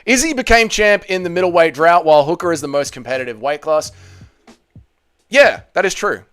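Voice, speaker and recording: A man's voice: fairly high pitch, lively intonation, a little fast, fairly bright tone, smooth, soft background music. A young man hosting a live stream watch party, ranting heatedly and swearing while reading and answering chat. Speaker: streamer host.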